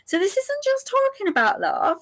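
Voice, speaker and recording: A woman's voice: very high-pitched, big pitch swings. Chatty woman reading angel cards. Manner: warm, chatty, laughs often, speaks directly to viewers; repeats options slowly and gently. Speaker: angel card reader hosting a live stream. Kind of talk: chatty live card reading.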